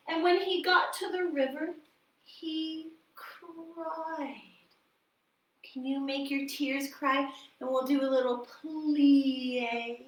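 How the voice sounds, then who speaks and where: A preschool ballet teacher tells a folk tale in a playful, sing-song voice, giving cues for movements along the way. She speaks high and unhurried, and the sound is roomy and picked up from a distance in a dance studio. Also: fairly bright tone. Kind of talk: children's storytime with dance movements.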